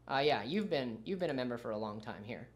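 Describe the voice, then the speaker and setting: A man's voice: mid-range voice, lively intonation, fast. A man livestreaming his reaction to a video, arguing his point and answering his chat. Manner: argumentative, talks back to chat. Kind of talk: casual livestream commentary.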